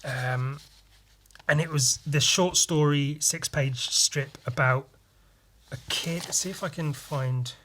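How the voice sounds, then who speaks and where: A man's voice: on the high side, slow, fairly bright tone, slight background noise. Rambling young man chatting casually. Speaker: podcast host. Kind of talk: casual chat about his own artwork.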